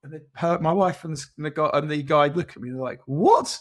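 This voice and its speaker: A man's voice: fairly high pitch, steady tone, fast talker. Rambling man chatting football. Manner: rambling, self-mocking, restarts often. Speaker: podcast co-host. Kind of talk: casual football chat.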